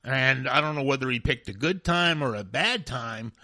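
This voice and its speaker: A man's voice: mid-range voice, lively intonation, moderate pace, pushed and bright, no room sound, clean studio sound. A man co-hosting a radio talk show, rambling through stories and chuckling as he talks. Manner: rambling, storytelling, laughs mid-sentence. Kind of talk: casual sports and TV chat.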